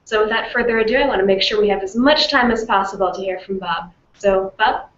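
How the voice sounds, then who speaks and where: A woman's voice: medium pitch, brisk. Woman host welcoming online classes. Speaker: program host. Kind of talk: introducing an online classroom program. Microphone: video call. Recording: echoey, dull video-call audio.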